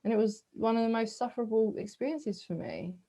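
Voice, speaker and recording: A woman, leading a gentle self-reflection talk as a spiritual coach, asking soft searching questions and pausing to sigh. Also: a little high, low-quality recording. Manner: breathy sighs, slow reflective pauses.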